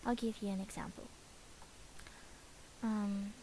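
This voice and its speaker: Slow, hesitant Vietnamese woman. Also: fairly high pitch, steady tone, a little hiss or hum, low-quality recording. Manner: hesitant, many pauses and soft breathy asides. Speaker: accent tutor. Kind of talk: casual video tutorial.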